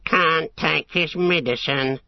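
A man's voice: a little high, takes it slowly, dry recording, pitched above the performer's own voice. A man voicing a jeering band of male orcs, sneering and mocking, in a muffled recording. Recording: dull, muffled audiobook recording.

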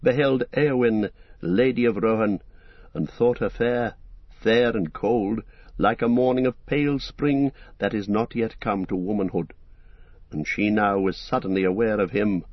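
A man narrating an audiobook in a measured, solemn storytelling manner. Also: lowish voice, dry recording. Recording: dull dry lo-fi recording.

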